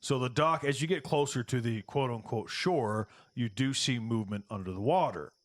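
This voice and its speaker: Guy dming a tabletop game, mid-pitch, dry close sound, kinda halting. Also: no echo. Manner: casual, halting descriptions with fillers. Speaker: game master.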